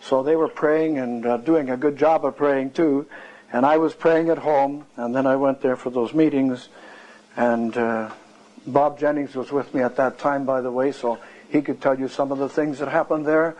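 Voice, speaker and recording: A man's voice: medium pitch, fairly even intonation, normal speed, darkish tone, low-quality recording. A male preacher telling a revival story in a sermon, earnest and anecdotal, acting out the dialogue.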